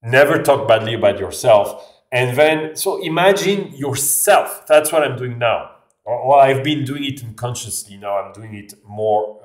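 A man with a French accent, talking casually to camera in a rambling way, often restarting his sentences. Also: medium pitch. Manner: rambling, restarts phrases, frequent "like". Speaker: vlogger. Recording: echoey room, voice a bit far off.

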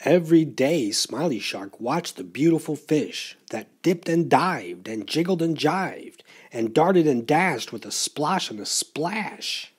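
A man reading a children's picture book aloud at a library storytime, in an expressive, playful storyteller voice. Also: a little high, measured pace, few pauses, slightly rough.

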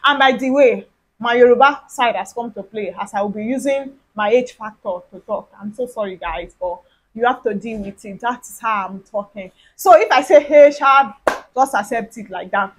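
Nigerian woman vlogger, high voice, animated storyteller. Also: moderate pace, poor audio. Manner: animated storytelling with big pitch swings and acted-out dialogue. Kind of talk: storytime vlog.

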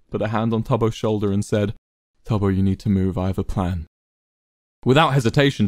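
Low-voiced man narrating a story. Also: no room sound, studio quality. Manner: measured, steady reading.

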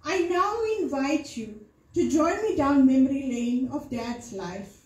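A woman's voice: sits high, lively intonation. A middle-aged woman from Africa, giving an earnest, emotional memorial speech for her father in a temple hall. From South Africa. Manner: emotional, earnest, carefully measured delivery. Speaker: daughter giving a eulogy. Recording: echoey hall sound.

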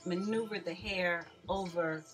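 A woman's voice: fairly low pitch, fairly even intonation, measured pace, soft background music. A woman chatting casually about her hair in a home vlog, friendly and rambling. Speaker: beauty vlogger.

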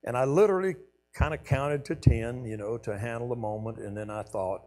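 A man speaking as a guest preacher, telling an earnest personal story in a sermon and often dropping to a soft hush. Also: fairly low pitch, fairly quick. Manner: earnest storytelling, trailing off softly at key lines. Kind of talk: sermon testimony.

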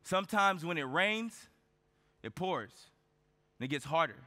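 Male keynote speaker, high bright voice, storytelling style, lots of rhetorical questions. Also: lively intonation, measured pace. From United States. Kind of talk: motivational keynote speech. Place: large event hall on stage. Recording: reverberant conference hall.

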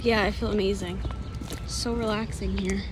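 A young woman vlogging casually, bubbly and excitable, often laughing. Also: medium pitch, moderate pace, background noise. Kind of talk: casual vlog chat.

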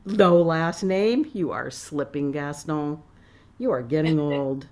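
A woman's voice: deep voice, slow pace, darkish tone. A woman voicing a grand, imperious older female couturier, reading a novel aloud in a commanding, exclaiming way. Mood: teasing.

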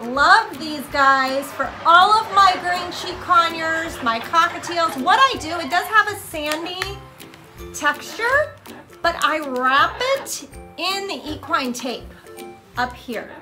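High-pitched woman, slow chatty bird vlogger. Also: low-quality recording. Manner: chatty, coos baby talk to her birds. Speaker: parrot rescue founder and vlogger. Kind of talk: casual product show-and-tell vlog. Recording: background music.

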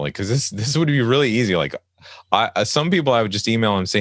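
A man in his thirties hosting a podcast conversation, telling his story with lively acted-out asides. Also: on the low side, quick pace, dry recording, clean studio sound. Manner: animated storytelling, acts out his own past remarks. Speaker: podcast production host. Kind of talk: casual interview conversation.

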